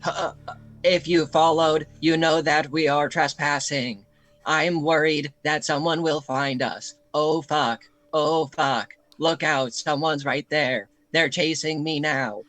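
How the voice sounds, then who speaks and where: A man playing a deadpan influencer narrating a trespass video in a slow, dry way. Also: on the high side, no room sound.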